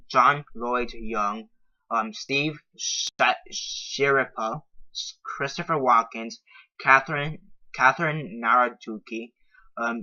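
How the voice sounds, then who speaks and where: Bright-voiced rambling young man reviewer. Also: medium pitch, lo-fi sound. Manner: rambling, repeats "so yeah" with many ums. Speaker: movie reviewer. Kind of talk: casual video review.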